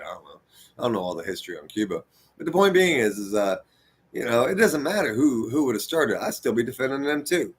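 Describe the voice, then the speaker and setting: A man's voice: medium pitch, slightly rough. Fired-up male vlogger in his forties, lecturing viewers in a loose, profane, rambling rant. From United States. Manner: heated, profane, rambling and preachy. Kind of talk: unscripted rant to camera.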